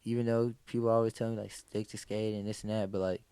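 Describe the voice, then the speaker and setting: This man talks rapid-fire in a lowish, clear, resonant voice over a dry recording. He's a podcast guest spinning casual, slang-heavy stories, swearing a lot and performing people's quoted exclamations with real energy.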